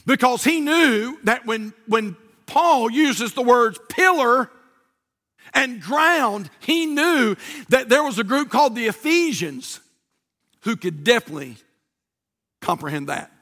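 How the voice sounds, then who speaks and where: A male pastor preaching a sermon, stressing key words with slow drawn-out emphasis and rising to shouts. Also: extremely high pitch, lively intonation.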